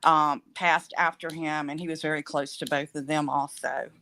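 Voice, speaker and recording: A woman caller on a video call, speaking quietly and plainly. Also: deep voice, little pitch movement, moderate pace. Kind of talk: casual chat.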